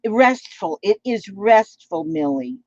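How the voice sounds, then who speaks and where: A woman's voice: medium pitch, sing-song, slow pace, darkish tone, dry recording. A woman from Minnesota with a Midwestern American accent, chatting in a rambling, playful way while she crafts and reads out viewer comments. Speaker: craft vlogger. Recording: dull lo-fi home recording.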